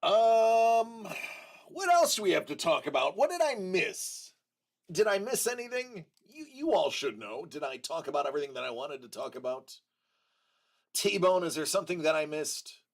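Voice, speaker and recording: A man hosting a casual livestream, chatting with viewers in an unhurried way, with frequent restarts and fillers. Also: high-pitched, big pitch swings. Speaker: livestream host.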